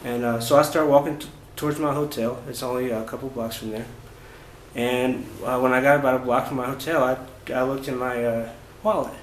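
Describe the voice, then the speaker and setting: A man in a reverberant room tells a travel story in a relaxed, rambling way. He pauses often on fillers and restarts his sentences. A faint ambient hum sits under the voice. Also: medium pitch. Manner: halting, many fillers and restarts. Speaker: travel vlogger. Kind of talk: casual first-person storytelling. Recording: roomy echo with faint ambient noise.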